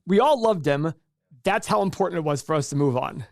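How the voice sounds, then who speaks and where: A man's voice: on the high side, expressive, brisk, creaky, no echo, clean studio sound. A man hosting a casual live stream and answering viewer questions in a chatty, rambling way with frequent restarts. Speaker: livestream host.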